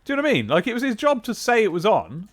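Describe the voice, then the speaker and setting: Man, 30s, game streamer, animated and chatty. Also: high voice, racing. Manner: rambling, self-interrupting, chatty. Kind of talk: casual live-stream chat.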